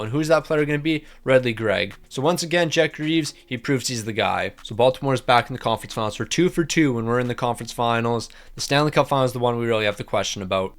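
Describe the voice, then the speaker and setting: A young man giving fast, slangy, self-talking commentary over a hockey video game. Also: mid-range voice. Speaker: gaming YouTuber.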